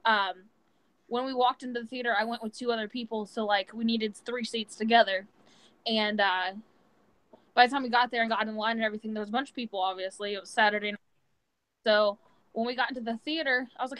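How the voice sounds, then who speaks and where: A woman's voice: a little high, fairly even intonation, fast, fairly bright tone, rough recording. A young woman co-hosting a casual chat, blunt and profane, with many filler words. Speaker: podcast co-host.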